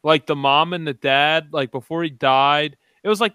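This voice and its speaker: A man with a bright, crisp voice talks over a film with sarcastic jabs, recorded dry and close. He swears freely. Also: fairly high pitch, normal speed, no echo. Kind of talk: casual movie review chat.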